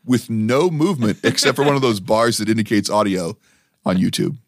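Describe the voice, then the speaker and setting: A man co-hosting a comedy podcast, his voice hoarse and worn from coaching, joking in quick bursts. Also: lowish voice, animated, dry recording, studio quality. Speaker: podcast co-host. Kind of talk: casual comedic chat.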